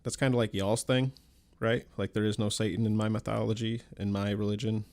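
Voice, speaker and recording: Relaxed lower-voiced man. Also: brisk. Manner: relaxed, talkative, says "y'all". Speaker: pagan podcast host. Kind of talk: casual podcast conversation.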